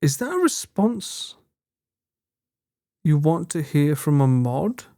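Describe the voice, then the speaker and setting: A man's voice: a little high, big pitch swings, takes it slowly, mellow. A young man livestreaming, casually bantering with his chat in a playful, sweary, teasing way. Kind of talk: casual chat with live stream viewers.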